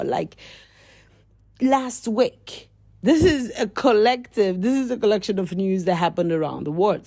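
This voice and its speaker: Woman, comedic news commentary host, rambling, exclaiming, very lively pitch, dry close sound. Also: dry recording. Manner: animated, exclaiming, laughing; rambling, repeats herself. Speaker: podcast host.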